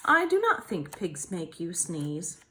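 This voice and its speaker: Woman voicing a storybook cat doctor, calm, quiet, matter-of-fact, lower voice. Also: takes it slowly, slight background noise, heavily acted. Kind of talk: children's storybook read-aloud.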